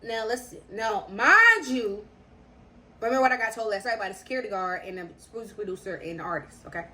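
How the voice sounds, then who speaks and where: A young woman telling a story to her viewers in casual slang, animated and repeating phrases for emphasis. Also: fairly high pitch, brisk, slight background noise. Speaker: storytime vlogger.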